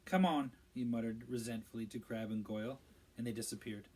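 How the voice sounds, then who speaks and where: A man narrating a storybook aloud in a steady, measured read-aloud style. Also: fairly low pitch, a little hiss or hum, poor audio. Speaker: audiobook reader.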